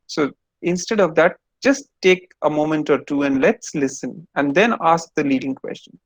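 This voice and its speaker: A man's voice: on the high side, moderate pace, dry recording. Man lecturing over a video call. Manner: explains step by step, quizzes students. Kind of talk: online lecture.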